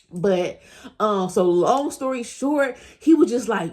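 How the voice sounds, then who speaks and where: A woman's voice: mid-range voice, animated, slow pace, darkish tone. A woman in her thirties telling a personal story to her viewers in a casual, chatty way, often speaking straight to them and laughing as she goes. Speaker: vlogger.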